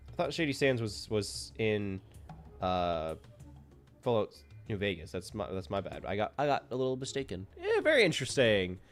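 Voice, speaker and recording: A man streaming live gameplay commentary, excitable and self-mocking, exasperated at his own character. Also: lowish voice, moderate pace, faint music behind.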